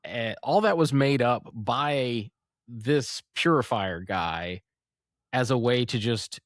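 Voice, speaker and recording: A man's voice: medium pitch, takes it slowly, no echo, clean studio sound. A man co-hosting a podcast, chatting casually about a comic, retelling scenes and laughing often. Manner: animated retelling, acts out quotes, laughs often. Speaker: podcast co-host. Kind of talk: casual comic review chat.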